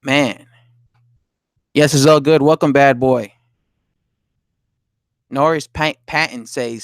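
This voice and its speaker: A man's voice: medium pitch, steady tone, slow, long pauses, no room sound, studio quality. A man live streaming about boxing, reading viewer comments aloud and answering them, swearing and indignant. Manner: talks to chat, reads comments aloud, swears, laughs, indignant. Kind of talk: casual live stream chat.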